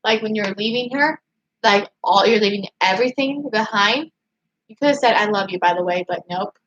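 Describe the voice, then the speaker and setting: A young woman hosting a casual livestream, chatting in an excited, emphatic way as she reads viewer comments. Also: medium pitch, normal speed, muffled recording, slight background noise. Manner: excited, emphatic, gushing fan talk. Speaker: livestream host.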